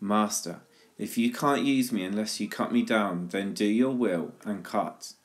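A man's voice: on the low side, measured pace, lightly acted. A man voicing a proud young male bamboo who pleads in anguish with his master in a storybook parable. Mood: hushed.

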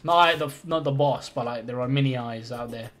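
A man's voice: mid-range voice, normal speed, a bit bright. A man live-streaming a game in casual chat, thinking aloud and greeting and thanking viewers as he plays.

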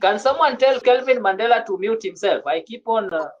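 A woman's voice: on the high side, expressive, a little fast, slight background noise. A woman teaching a French grammar lesson in an online class, often repeating and restarting her words. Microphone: video call. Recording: dull lo-fi video call audio.

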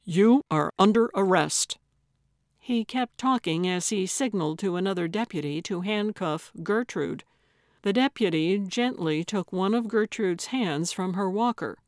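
A woman narrating a cozy mystery audiobook in a measured storytelling style. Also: mid-range voice, no echo, clean studio sound. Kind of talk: scripted narration.

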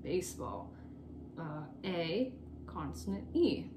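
Young female teacher, unhurried and patient, spells words aloud for kids, noisy home recording. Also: low-pitched, sing-song. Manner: slow, patient, repeats words and spells them letter by letter. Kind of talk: remote spelling lesson for young children.

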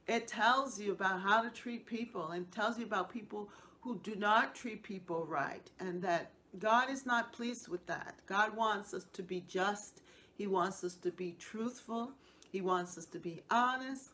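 A woman's voice: mid-range voice, a little slow, a bit bright. A middle-aged woman hosting a devotional Bible teaching show, speaking in an earnest, repetitive preaching cadence.

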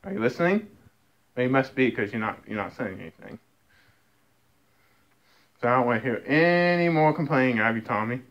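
A man's voice: medium pitch, expressive, brisk, long pauses, a bit bright, muffled recording. Man scolding his cats, stammering. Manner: scolding, teasing, stammering restarts. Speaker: cat owner talking to his cats. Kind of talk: casual talk to pets.

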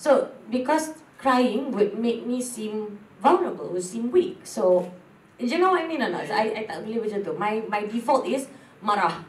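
A woman's voice: on the high side, lively intonation, normal speed, roomy sound, recorded from a distance, low-quality recording. A Malaysian woman talking candidly as a guest, moving between English and Malay. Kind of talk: casual talk show chat.

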